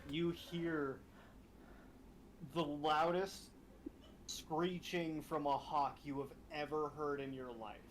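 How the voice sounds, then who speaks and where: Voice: mid-range voice, flat delivery, slow, pauses often, a little hiss or hum, rough recording. A game master narrating a tabletop game in a playful, laughing way.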